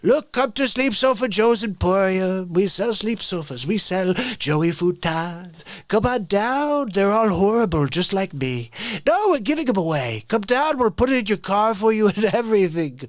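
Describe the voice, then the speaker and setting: A man's voice: high-pitched, expressive, normal speed, dry recording. A man putting on the voice of a brash, boastful older male sofa salesman with a bragging hard-sell patter.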